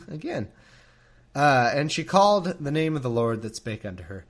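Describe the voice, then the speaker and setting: A man's voice: mid-range voice, big pitch swings, normal speed, pauses often. A man reading scripture aloud into a desk microphone, breaking off often for laughing, mocking asides. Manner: sardonic, laughing, frequent asides. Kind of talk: irreverent commentary on a reading.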